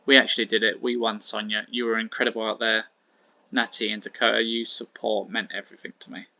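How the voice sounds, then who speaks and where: A man voicing a female wrestling champion, speaking softly. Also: lowish voice, level tone, a little fast, creaky, no room sound, highs cut off, exaggerated voice. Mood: excited. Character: female wrestling champion, excited then shocked.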